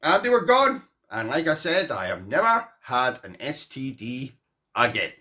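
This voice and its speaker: Animated man telling a funny story. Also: mid-range voice, measured pace. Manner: animated, self-mocking, rambling with asides. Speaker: vlogger. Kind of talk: comic personal storytelling to camera.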